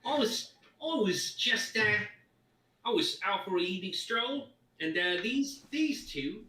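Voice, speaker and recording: A man voicing a shifty male halfling prisoner who pleads and protests in a high, whining voice. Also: expressive, unhurried, pushed and bright. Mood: whining pleading. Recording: echoey room, voice far from mic.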